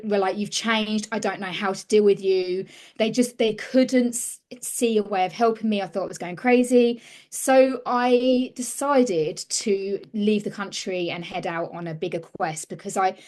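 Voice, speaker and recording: A woman speaks as a guest in a relaxed interview. She tells her story earnestly and thoughtfully, often breaking off and restarting her sentences. Her voice sits at a middle pitch. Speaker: women's mentor, interview guest.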